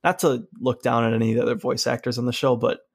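A man co-hosting a podcast in casual chat, gushing with enthusiasm, with a gravelly voice. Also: mid-range voice, level tone, fast talker, no room sound, clean studio sound. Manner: enthusiastic, gushing fan talk. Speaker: podcast co-host.

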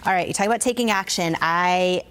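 A woman's voice: lowish voice, fairly quick, a bit bright, clear, resonant tone. A woman guest-hosting an interview who asks her questions with enthusiasm and affirms what the man says. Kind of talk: conversational interview.

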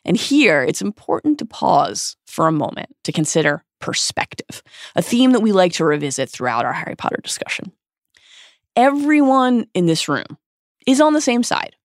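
A woman co-hosting a podcast, recapping a book chapter with expressive reading, dramatic emphasis and pauses. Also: medium pitch, dry recording, studio quality. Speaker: podcast co-host.

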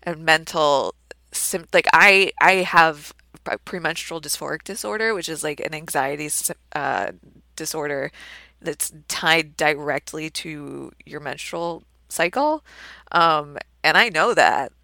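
A young woman chats candidly on a podcast, her lowish voice full of vocal fry and a bright edge. She talks in halting bursts, full of fillers. The sound is dry and close. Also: no room sound. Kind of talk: casual chat.

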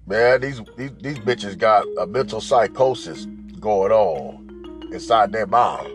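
A man hosting a podcast, ranting crudely and rambling with comic asides and repeated "right?"s. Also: fairly low pitch. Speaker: podcast host. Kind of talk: profane comedic rant.

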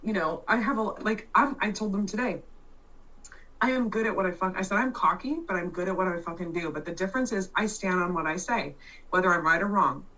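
A woman in casual chat, loud and blunt, swearing freely and restarting her sentences as she tells a story. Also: medium pitch, brisk, distant mic, poor audio.

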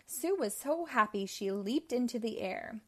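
A woman hosting storytime, reading a children's book aloud in a fairly high voice. She narrates slowly and clearly, with expressive emphasis. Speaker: storytime host.

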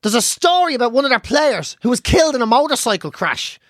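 An Irish woman hosting a podcast, telling an animated, sweary story with bursts of laughter. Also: on the high side, fast, slight background noise. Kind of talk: casual chat.

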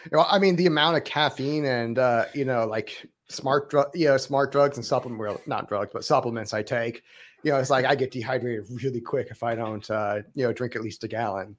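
A man's voice: medium pitch, a little fast. Rambling man in his late twenties. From Southern US. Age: 20s. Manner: rambling, many fillers and restarts. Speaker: guest. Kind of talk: casual conversation.

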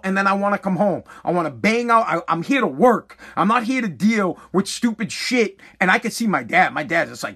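A middle-aged man doing stand-up, telling a profane story with lively asides and acted-out quotes. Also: high voice. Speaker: stand-up comedian.

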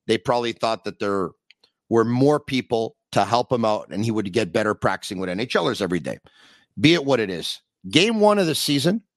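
A man's voice: fairly low pitch, no echo. A man hosting a sports podcast from his home basement, chatting conversationally and setting up questions with long lead-ins. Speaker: podcast host.

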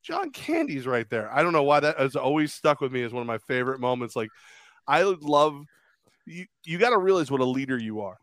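A man's voice: mid-range voice, fairly quick, fairly bright tone, no room sound. A man co-hosting a podcast in casual chat, rambling and crude as he tells stories and acts out quotes. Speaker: podcast co-host.

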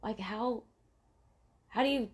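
A woman's voice: on the high side, takes it slowly, slightly rough. A young adult woman co-hosting a casual true-crime podcast, chatty and giggly, with lots of fillers and swearing. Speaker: podcast co-host.

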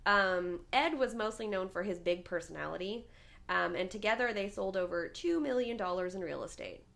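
Woman, podcast host: rambling casual true-crime storyteller with a creaky, gravelly edge. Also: mid-range voice, normal speed, a bit bright. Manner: chatty, rambling, many fillers and restarts.

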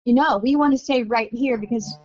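A woman's voice: a little high, fairly quick, darkish tone. An older woman, a longtime basketball season ticket holder, telling stories in a casual interview in a rambling, chatty way full of "you know". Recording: dull lo-fi audio.

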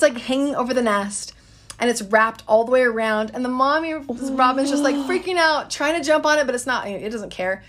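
A woman in her thirties telling a story in a casual, chatty way, addressing listeners as guys. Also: on the high side.

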